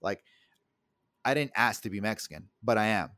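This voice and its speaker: A man's voice: fairly low pitch, expressive, normal speed, sharp tone, no room sound, clean studio sound. A young man from the El Paso area, co-hosting a casual podcast and telling a story in a heated, profane way. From El Paso area, USA. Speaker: podcast co-host.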